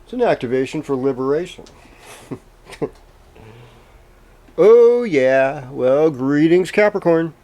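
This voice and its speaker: A man reading horoscopes as the host, in a casual, meandering way with gentle pauses and fillers. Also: a little high, animated. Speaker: astrologer host.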